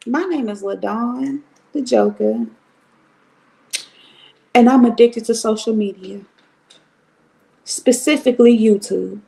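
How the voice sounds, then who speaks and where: A middle-aged woman from Cleveland, Ohio, hosts casual livestream commentary in a gravelly, slightly high voice. She's blunt, profane, and animated, prone to drawn-out asides.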